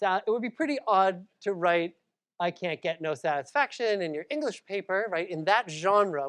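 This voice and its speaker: Woman lecturer, low voice, chatty, lots of ums, talking to a library audience. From Massachusetts. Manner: conversational, with frequent ums and asides to the audience.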